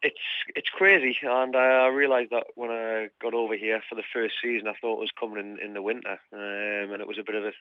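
A man's voice: fairly low pitch, little pitch movement, fairly quick, hardly any pauses, no room sound. Geordie man on a tinny phone line. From North East England. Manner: chatty, says "mate" a lot. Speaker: footballer guest. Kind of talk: casual phone interview. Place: Australia, over a phone line.

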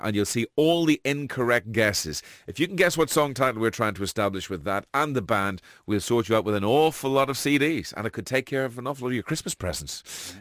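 A man hosting a breakfast radio show, telling jokes and chatting in a lively storytelling manner. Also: mid-range voice, dry recording, studio quality. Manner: lively storyteller, animated delivery. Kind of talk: joke-telling and radio banter.

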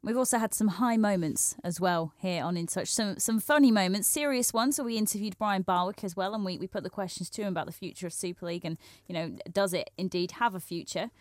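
Brisk woman presenting sports radio, dry sound. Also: mid-range voice, no echo. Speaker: radio rugby league host. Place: radio studio.

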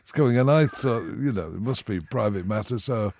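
A man's voice: fairly low pitch, expressive, brisk, darkish tone. A man in his sixties, a radio guest telling a long story with frequent restarts and asides. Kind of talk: anecdotal storytelling.

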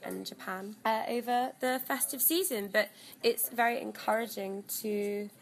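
A woman's voice: on the high side, normal speed, low-quality recording. A woman singer as a guest on a radio show, speaking in a theatrical, articulate way with elaborate wording. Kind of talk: radio interview.

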